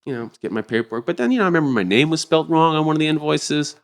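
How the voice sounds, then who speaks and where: Speaking very fast and expressively, a middle-aged man who drums tells a story as a podcast guest in a casual interview. He voices the quotes with abrupt high-pitched outbursts, swearing freely.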